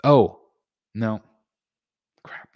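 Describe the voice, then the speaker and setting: A man hosting a casual collecting live stream from his home, reading viewer comments aloud and thanking members, his voice jumping up when he gets excited. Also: drawn-out words, dry recording, muffled recording. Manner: excitable, jumps in pitch when greeting members. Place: home room.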